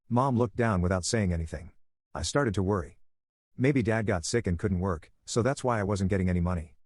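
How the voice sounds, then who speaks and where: Low-voiced man reading a story. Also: expressive, moderate pace, no room sound, studio quality. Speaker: story narrator. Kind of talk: first-person story narration.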